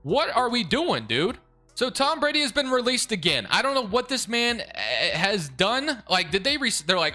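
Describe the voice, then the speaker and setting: A young man giving casual commentary over a football video game, excitable and quick to rant in frustration. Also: sits high, soft background music. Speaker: gaming YouTuber.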